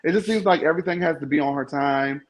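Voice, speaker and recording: A man's voice: a little high, fast talker, poor audio. A man on a casual recap panel, sassy and opinionated, who fills his points with "you know" and "um". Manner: sassy, opinionated, lots of fillers.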